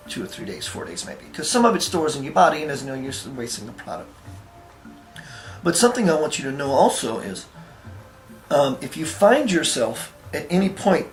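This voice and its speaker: A man talking casually to camera, telling an anecdote in a relaxed way with fillers and restarts, and acting out the voices in his story. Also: on the high side. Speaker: spiritual teacher.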